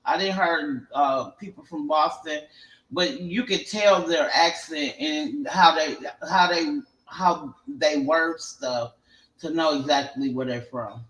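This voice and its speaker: Chicago dude talking slang, bright tense voice, roomy echo. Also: male voice, fairly high pitch, takes it slowly. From Chicago, Illinois. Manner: joking, slangy, lively. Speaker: panel participant. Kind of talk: casual chat.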